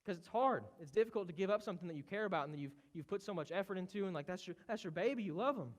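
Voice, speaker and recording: A man with a hoarse voice from a cold, giving a casual, conversational sermon as pastor. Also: high-pitched, lively intonation, racing, hardly any pauses. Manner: casual, conversational preaching with rising intensity. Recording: muffled, with loud guitar behind. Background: worship team playing guitar.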